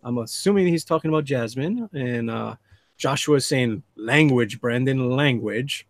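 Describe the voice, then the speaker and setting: A man of medium pitch and moderate pace runs a live drawing stream as host and artist. In a relaxed manner, he chats with call guests and reads chat messages aloud.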